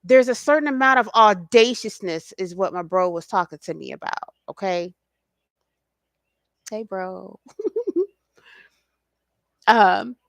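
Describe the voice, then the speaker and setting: A woman's voice: mid-range voice, gravelly, dry recording, clean studio sound. Passionate, profane woman spiritual host. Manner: talks to her audience directly, checks in with "okay?". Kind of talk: casual spiritual talk.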